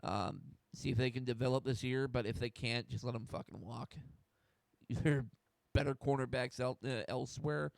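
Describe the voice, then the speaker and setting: A man's voice: medium pitch, steady tone, moderate pace, vocal fry, no echo, studio quality. A young man from the United States hosting a solo sports talk stream, getting fired up, swearing and restarting his sentences. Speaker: host.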